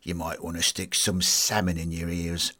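A man's voice: deep voice, monotone, normal speed, pushed and bright, a little hiss or hum, voice pushed down. A man hamming up a cheeky mock-stern voice. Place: radio studio basement.

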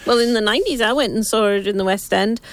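A woman's voice: on the high side, fast, no echo. A woman hosting a radio talk show, chatting in a rambling way and laughing often. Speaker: radio host. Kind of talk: casual chat.

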